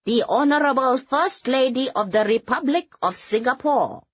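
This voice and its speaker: A woman voicing a formal butler who announces guests in a booming, ceremonious voice. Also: expressive, normal speed, husky, no echo, muffled recording. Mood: announcing.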